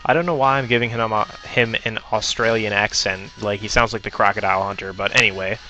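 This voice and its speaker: Hesitant low-voiced male let's player. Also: fairly even intonation, quick pace, sharp tone, lo-fi sound. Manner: hesitant, many ums and self-corrections. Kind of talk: casual gameplay commentary.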